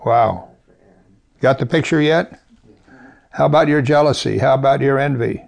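A male preacher walks a congregation through scripture in an easy, talky way, pausing to ask questions of his listeners. His voice sits mid-range with a gravelly, fry-tinged edge. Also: medium pitch. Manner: conversational Bible teaching with rhetorical questions and chuckles. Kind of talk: sermon.

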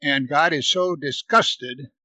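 A man's voice: takes it slowly, no echo, low-quality recording. A man teaching verse by verse through a Bible passage, reading the verses aloud with force and then commenting, repeating words for emphasis. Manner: reads scripture aloud louder and higher, then comments.

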